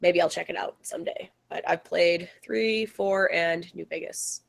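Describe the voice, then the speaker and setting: A woman's voice: fairly low pitch, fairly even intonation, a little slow, gravelly. Woman, Southern accent, giggly, rambling, casual chat, voice call. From American South.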